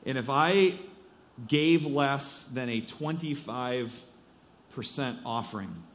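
A man voicing a wealthy, grateful male cowboy churchgoer in a put-on Southern accent, speaking slowly and earnestly. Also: medium pitch, a bit bright.

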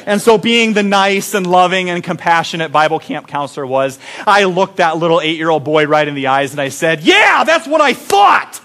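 High-voiced animated preacher man. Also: fairly quick, few pauses, a faint crowd. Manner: animated, dropping to a hushed intimate tone. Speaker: pastor. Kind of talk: storytelling sermon.

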